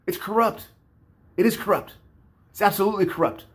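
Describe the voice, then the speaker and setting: A man ranting in a casual vlog, animated and profane, often repeating himself. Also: sits high, a little fast, pauses often. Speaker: vlogger. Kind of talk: casual rant.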